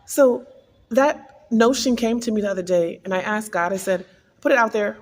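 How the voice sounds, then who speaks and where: A woman speaks to her followers in a personal vlog, recounting a spiritual testimony with earnest feeling. Her voice is husky and a bit breathy, with a gravelly fry underneath. She sits at a middle pitch for a woman. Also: normal speed, long reverb tail. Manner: earnest, emotional storytelling. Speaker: vlogger.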